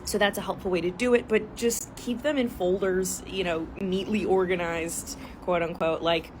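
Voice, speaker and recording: A woman's voice: fairly low pitch, steady tone, moderate pace, background noise. Blunt, unfiltered woman talking to camera. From southern Louisiana, USA. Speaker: content creator and comedian. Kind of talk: casual comedic monologue.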